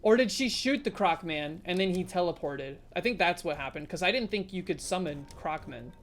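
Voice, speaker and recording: A woman's voice: on the low side, expressive, moderate pace, slight background noise. A woman streamer giving casual live commentary on a game, chatty and talking to her viewers, with sudden startled exclamations. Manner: chatty, talks to chat, jumpy exclamations.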